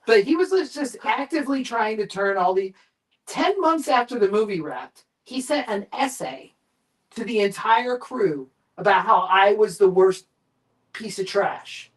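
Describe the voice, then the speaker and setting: A man guesting on a live chat show, telling long, animated and profane anecdotes about film work. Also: sits high, a little slow, distant mic, low-quality recording. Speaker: guest, makeup effects artist and director.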